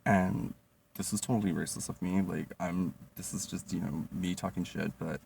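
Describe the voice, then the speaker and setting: A man's voice: sits low, steady tone, normal speed, vocal fry, a little mellow. A young man telling comedic stories casually, rambling with constant fillers, swearing and laughing. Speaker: vlogger. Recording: distant mic, faint noise.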